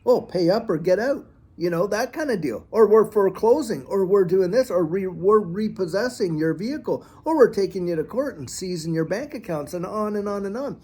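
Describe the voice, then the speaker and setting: A man hosting a finance channel, giving a folksy, animated commentary monologue and repeating phrases as he talks. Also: high-pitched, normal speed, slightly rough. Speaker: crypto channel host.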